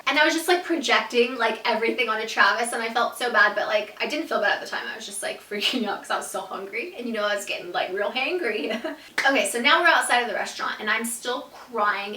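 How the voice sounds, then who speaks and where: A young woman vlogger telling a storytime story, animated and casual, with lots of "like" and some swearing. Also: on the high side, reverberant, far from the mic. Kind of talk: storytime vlog.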